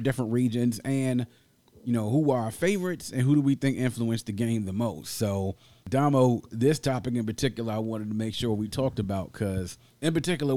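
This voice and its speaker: A man's voice: mid-range voice, no room sound. Chatty D.C. man in a dry room. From Washington, D.C. area. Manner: animated, laughs often, talks at length. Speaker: podcast co-host. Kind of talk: casual chat.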